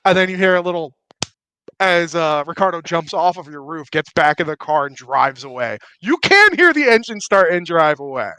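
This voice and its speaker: A man's voice: fairly high pitch, sing-song, moderate pace, sharp tone, smooth, no room sound. A man narrating a tabletop game as dungeon master, playful and chatty. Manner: playful, chatty, full of fillers like 'like'.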